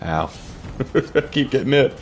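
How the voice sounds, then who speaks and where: A man's voice: medium pitch, very animated, takes it slowly, slight background noise. A man with a Southern US accent chatting casually while gaming, joking and laughing often. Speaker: gamer. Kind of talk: casual gameplay chat.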